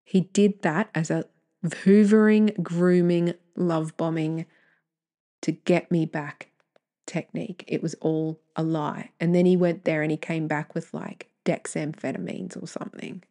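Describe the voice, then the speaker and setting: A woman with a low, dark voice hosts her own podcast, reading emails aloud at an unhurried pace with fairly even intonation. She comments bluntly and candidly, swears freely, and wanders into rambling asides where she corrects herself.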